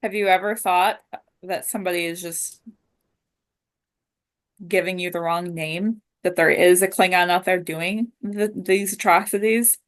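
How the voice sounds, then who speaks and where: A woman at a tabletop game speaks earnestly and persuasively, pressing her point with questions. Her voice sits slightly low. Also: steady tone, unhurried. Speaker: player. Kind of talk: tabletop role-play.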